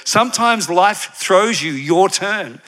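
Guy preaching a sermon, bright kinda high voice, lively, gets the crowd to say stuff back. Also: slow pace. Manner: energetic, leads congregation call-and-response; animated, digressive storytelling.

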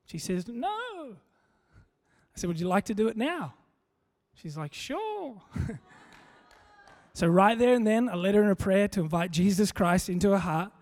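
A man preaching a sermon, telling a funny story in a relaxed, conversational way. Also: high-pitched, fast, few pauses. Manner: conversational, humorous, animated storytelling. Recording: long hall reverb.

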